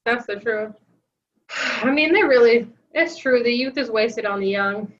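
A woman's voice: fairly high pitch, unhurried, a bit bright. A young woman co-hosting a podcast in casual chat, wry and playful. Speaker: podcast co-host. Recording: dull lo-fi sound.

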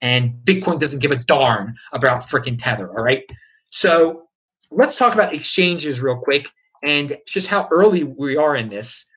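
With an animated, fairly bright, medium-pitched voice at a measured pace, this American crypto livestream host responds to viewers over poor audio. His off-the-cuff opinion talk is emphatic and ranting, full of repetition and frequent restarts.

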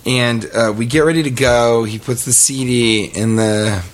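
Unhurried and mid-pitched, this middle-aged podcast host wanders through a comic story. He brings lively energy, acting out the quotes in his casual storytelling.

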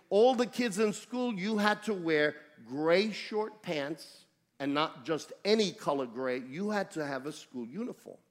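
A high-pitched man with a New York accent preaches in a storytelling way, animated and wry about himself. His voice rings out with a long reverb, as if carried through a large hall. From United States. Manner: conversational, animated storytelling with self-deprecating humor. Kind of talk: storytelling sermon testimony.

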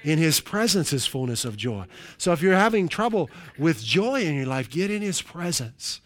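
Animated man preaching. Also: on the high side, moderate pace. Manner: animated preaching with frequent "hallelujah" and "right?"; jokey asides to the congregation. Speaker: pastor. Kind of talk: sermon.

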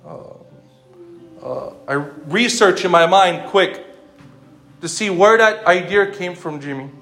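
A man with a strikingly high voice preaches a sermon, firing off repeated rhetorical questions and calling out listeners by name. He slips between English and another language mid-sentence. The room rings with echo, and a guitar plays faintly behind him. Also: takes it slowly, gravelly, fairly bright tone.

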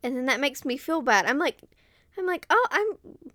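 Young woman on a podcast, high bright voice, dry close sound, acts out little scenes. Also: a little fast, dry recording. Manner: animated, acts out her own lines in a high voice. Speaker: podcast co-host. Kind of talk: casual chat.

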